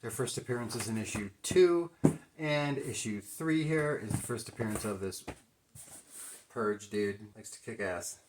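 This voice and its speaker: An American Midwestern man rambles casually through his comic book haul as a collector in unscripted video commentary, thinking aloud and using lots of fillers. His voice is on the low side, expressive, and a little slow. A bit of hiss or hum is audible.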